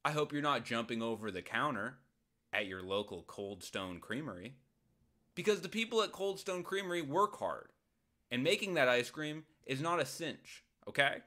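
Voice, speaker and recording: A man with a bright, forward voice hosts a solo advice podcast. He rambles and jokes his way through a listener's question, breaking into sudden loud outbursts. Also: mid-range voice, sing-song, moderate pace.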